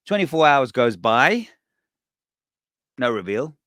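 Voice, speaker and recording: A man hosting a podcast, telling a story in a casual, animated way, swearing and acting out what people said. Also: mid-range voice, moderate pace, dry recording, studio quality. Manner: animated, swearing, acts out quoted voices. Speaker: podcast host.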